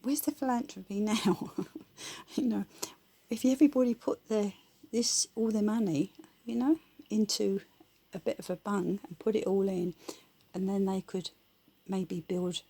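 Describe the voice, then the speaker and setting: Gravelly-voiced woman, blunt. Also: medium pitch, mellow. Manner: blunt, colloquial, rambling. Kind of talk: casual opinion monologue.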